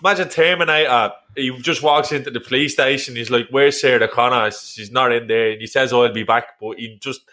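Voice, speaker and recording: A man's voice: medium pitch, fairly quick, few pauses, pushed and bright. An Irish man on a casual podcast, rambling through jokes and swearing freely. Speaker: podcast co-host. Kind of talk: casual banter among friends.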